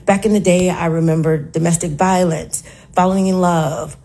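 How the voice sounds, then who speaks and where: A woman calling in to a radio show, speaking in a measured, earnest way. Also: fairly low pitch, fairly even intonation, dark tone. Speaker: caller. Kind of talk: casual call-in chat.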